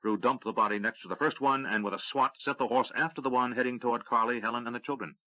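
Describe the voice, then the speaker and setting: A man with a mid-range voice gives a steady, measured scripted narration of a fantasy audiobook. The recording is dry and slightly dull.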